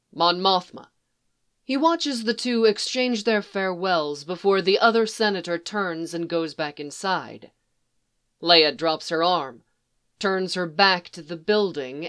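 A woman reading fan fiction aloud in a soft, even storytelling manner. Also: fairly low pitch. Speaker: reader.

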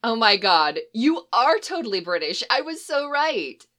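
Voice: mid-range voice, very animated, unhurried, pushed and bright. A reader doing a gushing young American woman.

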